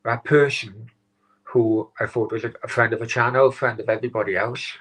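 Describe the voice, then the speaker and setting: A man hosting his own live stream, upset and close to tears, talking haltingly with many restarts and some swearing. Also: medium pitch, steady tone, fairly bright tone, slightly rough, rough recording. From Wales. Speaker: channel host.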